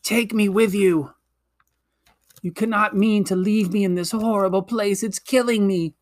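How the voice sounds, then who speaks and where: A man voicing a weakened witch queen who begs in a faint, breathless voice, pitched well above his own. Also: steady tone, a little slow, dry recording. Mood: desperate pleading.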